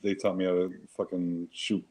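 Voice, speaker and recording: Low-voiced man cursing his way through stories. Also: level tone, normal speed, a little mellow, low-quality recording. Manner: profane, emphatic, rambling with restarts. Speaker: show co-host, Marine veteran. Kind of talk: casual chat, storytelling.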